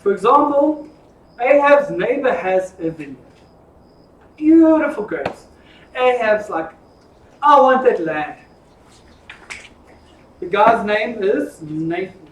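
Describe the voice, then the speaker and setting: A man teaching an informal Bible study, telling the stories in a lively, jokey way. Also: sits high, slow pace, slight background noise. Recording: echoey room from far off.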